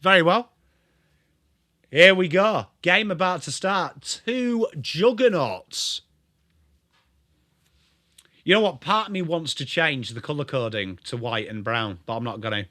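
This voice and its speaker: English male streamer, young, bright and animated, calls the footy and chats to viewers, dry close mic. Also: on the high side, measured pace, long pauses, dry recording. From England. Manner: chatty, greets viewers, lively. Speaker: livestream host. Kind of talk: live football watchalong commentary.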